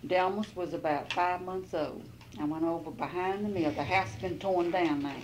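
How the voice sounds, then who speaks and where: An older woman recalls her early married days in a folksy, rambling way, slipping into lively bursts when she quotes others. Her voice sits lowish for a woman, and a faint hiss lies under the talk. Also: normal speed, low-quality recording. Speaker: interviewee. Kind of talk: oral history storytelling.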